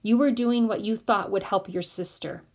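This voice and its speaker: A woman voicing a calm, quiet mother. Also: medium pitch, normal speed, close to an everyday voice. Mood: tender. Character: worried mother speaking calmly to her son.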